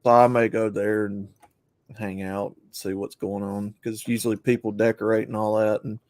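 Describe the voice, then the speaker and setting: A man's voice: lowish voice, level tone, normal speed, a little mellow, no room sound. A young man chatting casually as a guest, laid-back and noncommittal, with a chuckle here and there. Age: young adult. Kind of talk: casual chat.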